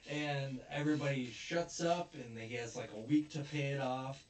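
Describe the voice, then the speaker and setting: A man's voice: mid-range voice, brisk. A man hosting a casual review chat, animatedly retelling scenes and acting out characters' lines. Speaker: podcast host. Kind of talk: casual chat recapping an anime. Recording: echoey room, distant mic, faint noise.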